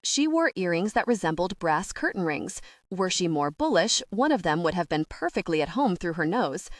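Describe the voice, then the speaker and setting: A woman's voice: on the low side, sing-song, moderate pace, no room sound. A woman narrating an audiobook with a wry storytelling manner, close to the mic. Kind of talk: scripted narration.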